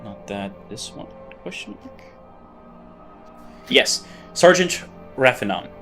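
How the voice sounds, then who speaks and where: A man's voice: medium pitch, very animated, takes it slowly, over music. A man narrating a tabletop game as game master, in loose narration full of fillers.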